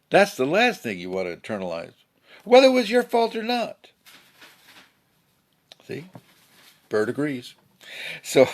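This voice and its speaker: A man giving a casual spiritual talk, slightly hoarse, who acts out angry people with sudden shouts. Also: fairly low pitch. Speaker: spiritual teacher. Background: a pet bird fluttering.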